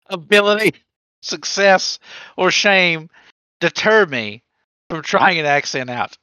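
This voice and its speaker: A man's voice: sits high, animated, slow, pauses often, pushed and bright, clear, resonant tone, no echo. A man co-hosting a podcast in casual chat, joking, mocking himself and giving advice. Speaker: podcast co-host. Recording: slightly dull lo-fi sound.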